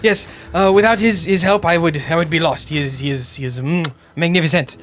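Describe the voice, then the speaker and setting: A man's voice: a little high, brisk, a bit bright, voice pushed up, close to an everyday voice. A man voicing a nervous, bumbling male regent who stammers and apologizes as he fumbles with his papers. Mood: nervously formal.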